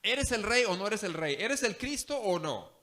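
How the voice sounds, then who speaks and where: A man doing an exasperated high priest. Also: big pitch swings, brisk, sharp tone, full character voice. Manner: pressing, raised voice.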